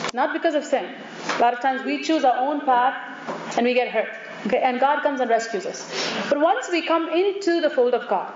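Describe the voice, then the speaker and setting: A woman preaching a sermon. She asks the audience questions and acts out the voices she quotes. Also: on the high side. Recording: echoey room, dull lo-fi sound with noise.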